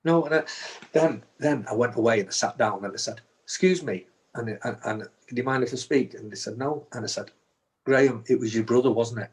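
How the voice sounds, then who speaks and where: A man's voice: mid-range voice, fairly quick, slightly rough. A man, a guest telling a story and acting out the dialogue, with frequent restarts. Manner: recounts events with repeated restarts and acted-out quotes. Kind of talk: storytelling in conversation.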